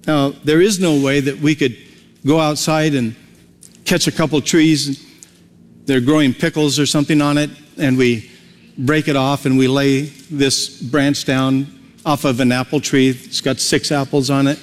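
A man's voice: medium pitch, fairly even intonation, a little slow, long reverb tail, faint music behind. A male pastor preaching a sermon in a folksy, conversational way, with homely everyday examples.

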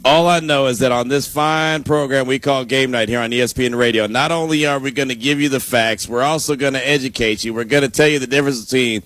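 A man co-hosting a sports radio show, talking football in quick, joking banter. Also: medium pitch, fairly even intonation, a bit bright. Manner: quick, joking, folksy analysis.

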